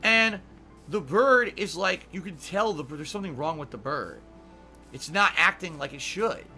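A man streaming a game chats casually, swearing often and breaking into heated, emphatic rants. His voice is on the high side, animated and bright with a forceful tone, at a moderate pace. Soft music plays in the background.

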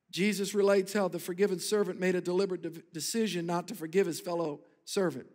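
Pastor, male, high-pitched, fervent sermon delivery with call-and-response, long hall reverb. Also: fairly even intonation, quick pace, hardly any pauses, darkish tone. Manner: emphatic preaching, calls on the congregation to repeat words. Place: church sanctuary.

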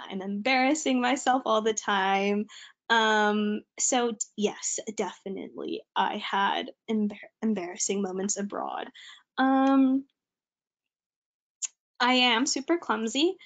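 A young American woman from California speaks in a loose, conversational way, presenting to an online audience as a student. Her voice sits a little high for a woman. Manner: chatty and informal.

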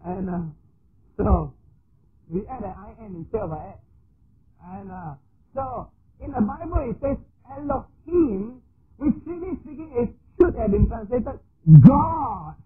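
A man preaching a sermon, teaching slowly and deliberately with repeated examples. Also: extremely high pitch, lively intonation. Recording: tinny phone-like archive recording with faint hiss.

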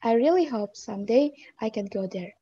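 A woman's voice: on the high side, expressive, moderate pace, warm tone, breathy edge. A woman learning English reads out a prepared answer in an earnest, dreamy way. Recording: dull lo-fi recording.

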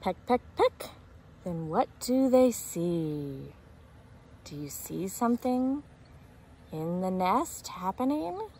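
A woman teacher reading a picture book aloud to preschoolers, gently explaining and asking them questions. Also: on the low side, very animated, slow, slight background noise. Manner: asks young listeners questions, explains gently.

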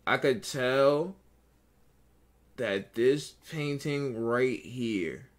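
A man's voice: mid-range voice, very slow. A young adult man streaming live, giving casual, profane commentary and repeating himself a lot as he talks to his chat.

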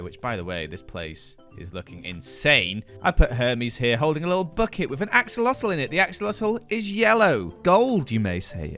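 Animated, playful young man commentating. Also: fairly low pitch. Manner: goofy, self-mocking, animated. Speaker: gaming video host.

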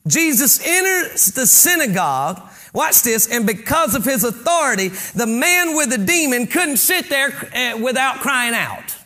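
A man preaching with a high, ringing voice and a sharp, forceful edge. He reads a verse, pauses to unpack it, then drives his point home until he is nearly shouting. Fervent pulpit delivery. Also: sing-song. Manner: reads scripture aloud and stops to explain it. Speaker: pastor. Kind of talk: sermon.

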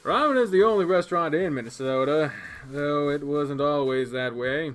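A man's voice: fairly high pitch, moderate pace. A man reading a game aloud and commenting casually, joking and swearing freely. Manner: profane, joking, reads all characters aloud. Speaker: video game player. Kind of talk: casual let's-play commentary.

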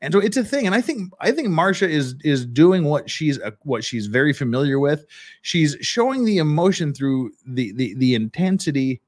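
A man's voice: fairly high pitch, big pitch swings, moderate pace. Blunt, opinionated male podcast host. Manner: blunt, opinionated, frequent restarts. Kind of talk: casual commentary on trial footage.

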